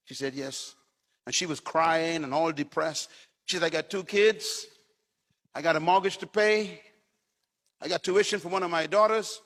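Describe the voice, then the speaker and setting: A man's voice: on the high side, a bit bright, big-room sound. A man preaching a sermon as a pastor, delivering short punchy phrases and telling stories to his congregation.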